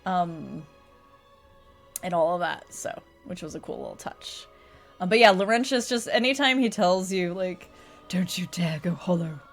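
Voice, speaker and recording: A woman's voice: fairly low pitch, measured pace, vocal fry. A young adult woman streaming a casual chat, laughing often and swearing casually. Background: faint music.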